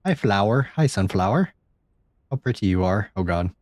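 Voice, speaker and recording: A man streaming a horror game live, reacting out loud, swearing and chatting to viewers. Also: lowish voice, expressive, moderate pace, no echo, clean studio sound. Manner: jumpy, swears often, chats to viewers. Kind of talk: live gameplay commentary.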